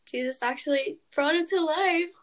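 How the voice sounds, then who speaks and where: A young woman with a slightly high voice muses on scripture in a loose, chatty way. She gets animated and says "like" often, jumping up in pitch when something strikes her. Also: moderate pace. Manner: animated, exclaiming, lots of "like". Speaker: co-host reflecting on scripture. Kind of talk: casual Bible study chat.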